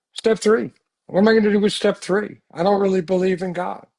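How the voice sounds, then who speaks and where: A man giving an earnest, animated recovery talk full of rhetorical questions. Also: sits high, a little fast, vocal fry. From United States. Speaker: speaker sharing recovery story.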